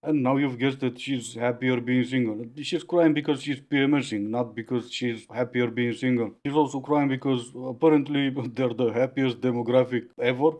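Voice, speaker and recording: A man's voice: medium pitch, steady tone, moderate pace, few pauses, darkish tone. A man hosting reaction commentary, mocking the clips with dry humor. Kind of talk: sarcastic commentary.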